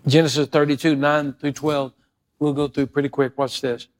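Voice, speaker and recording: A male pastor preaching a sermon, moving from quiet, prayerful talk to loud, fervent passages and acting out stories in character voices. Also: fairly high pitch, little pitch movement, normal speed.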